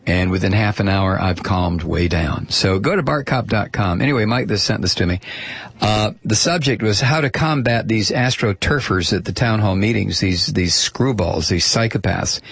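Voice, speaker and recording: Husky-voiced talk radio host, man. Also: on the low side, animated, normal speed, a bit bright, no room sound. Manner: chatty and opinionated, reads listener mail aloud.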